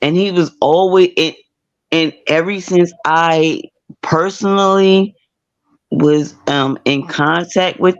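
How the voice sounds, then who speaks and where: A woman's voice: lowish voice, steady tone, takes it slowly, muffled recording. A woman hosting a casual call-in commentary stream, talking with the hiccups and frequent restarts. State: has the hiccups. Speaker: livestream commentary host.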